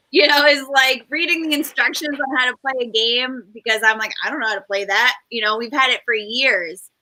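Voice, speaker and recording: A woman's voice: high-pitched, moderate pace, bright, forceful tone, poor audio. A woman hosting a casual chat over a video call, teasing and laughing with her guests. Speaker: host.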